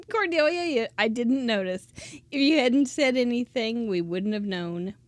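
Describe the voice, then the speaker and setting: A woman's voice: on the high side, darkish tone, no room sound. A woman giving a chatty, casual crafting tutorial, drifting into asides and laughing often. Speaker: crafting instructor.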